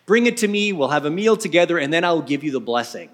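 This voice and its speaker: A man's voice: fairly high pitch, very animated, fast, a bit bright. A man voicing a weary blind old father.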